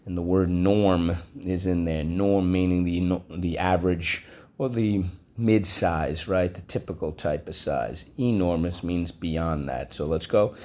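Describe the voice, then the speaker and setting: Slow, low-voiced male teacher. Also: mellow. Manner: slow, deliberate, with drawn-out modeled words. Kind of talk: vocabulary and phonics lesson.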